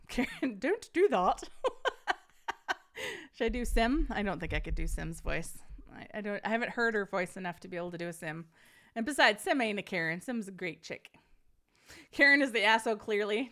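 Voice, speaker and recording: A woman's voice: mid-range voice, sharp tone. A woman hosting a casual live-streamed podcast, chatting with viewers and reading a story aloud, laughing often.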